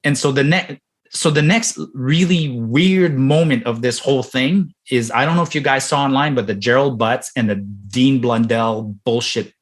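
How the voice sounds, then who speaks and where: A man's voice: medium pitch, normal speed. Heated, emphatic middle-aged man. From Ontario, Canada. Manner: emphatic, heated, repeats words when worked up. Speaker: guest. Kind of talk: interview conversation.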